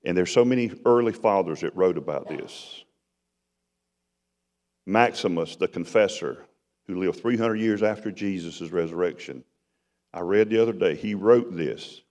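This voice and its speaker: A middle-aged man preaching a testimony, dramatic and storytelling, his voice swinging from loud to hushed. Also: low voice, lively intonation, a little slow, pauses often. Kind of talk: sermon testimony. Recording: long hall reverb.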